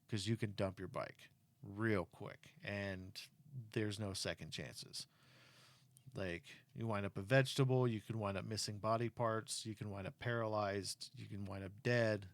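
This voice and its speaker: A middle-aged man chatting casually with his kid, telling stories in an animated way and turning earnest and cautionary on safety. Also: on the low side, no room sound. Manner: animated storyteller who acts out quotes; earnest and cautionary when talking about safety. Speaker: parent talking with his kid. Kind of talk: casual chat.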